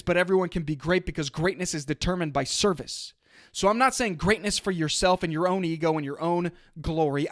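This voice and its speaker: A high-pitched man in his thirties delivers a motivational podcast monologue straight into a studio microphone. He speaks with fiery emphasis and hammers home repeated phrases. The sound is dry, with no room around it. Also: fairly bright tone, no room sound. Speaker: podcast host and coach. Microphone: studio microphone and camera.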